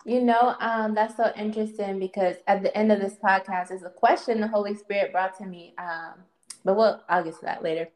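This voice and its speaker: Podcast host lady, middle pitch, chatty and encouraging. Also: fairly even intonation, fairly quick, darkish tone. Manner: encouraging listener, frequent affirmations. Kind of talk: casual chat.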